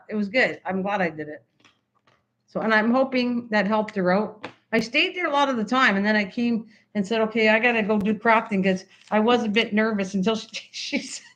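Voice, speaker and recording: An older woman hosting a crafting livestream. She chats casually with viewers, rambling and restarting her sentences as she works. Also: mid-range voice. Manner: chatty, rambling, stops mid-sentence and restarts.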